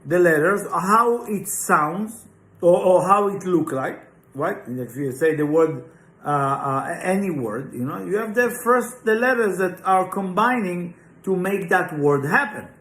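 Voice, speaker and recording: A man's voice: sits high, lively intonation, measured pace, a bit bright. A man teaching an informal spiritual class, talking emphatically and often checking in with "right?" and rhetorical questions. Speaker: Kabbalah teacher. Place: class room, live and online. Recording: roomy echoey room.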